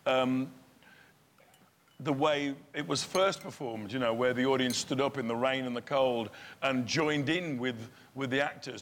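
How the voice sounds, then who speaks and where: A man's voice: mid-range voice, normal speed, a bit bright. Laughing, chatty man in a big hall. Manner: chatty, laughing, acts out voices in his stories. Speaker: guest. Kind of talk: casual chat on stage. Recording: long hall reverb, faint room noise.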